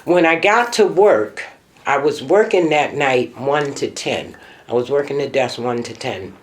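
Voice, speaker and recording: A middle-aged woman, the mother in a documentary interview, reminiscing emotionally with her pitch sometimes rising sharply. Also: a little slow.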